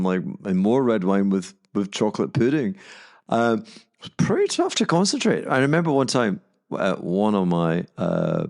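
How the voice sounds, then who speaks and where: A man's voice: on the low side, gravelly, a little mellow. A middle-aged Scottish man hosting a podcast, telling a rambling story with digressions and profane asides. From Scotland. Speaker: podcast host.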